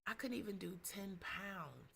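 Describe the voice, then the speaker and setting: A woman hosting a casual livestream. She is chatty and excitable, and she swings between loud gushing and low asides while reading out viewer comments. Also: unhurried, creaky, slightly rough. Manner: reads viewer comments aloud. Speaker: host of a live business stream.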